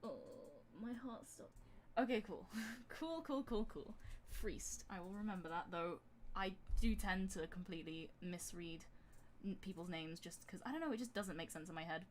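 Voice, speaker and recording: A woman's voice: mid-range voice, expressive, normal speed, slight background noise. A woman streaming her music production live, chatting casually and thinking aloud with a self-deprecating manner. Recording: music playing loudly behind. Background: electronic beat and synths.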